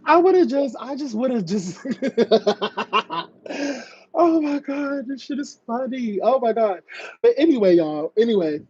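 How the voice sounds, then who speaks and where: A woman hosting a live stream, chatting casually about online drama, reading viewer comments and slipping into high mocking voices to act scenes out. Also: animated, slow, darkish tone, husky, no echo. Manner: chatty, slangy, reads viewer comments aloud. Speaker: livestream host. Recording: dull lo-fi stream audio.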